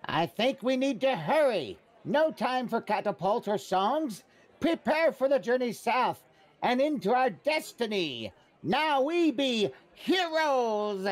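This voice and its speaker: A man's voice: sing-song, a little slow, full character voice. A man voicing a goblin chief who proclaims grandly to his tribe. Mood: urgent. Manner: high-pitched proclaiming. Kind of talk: tabletop role-play.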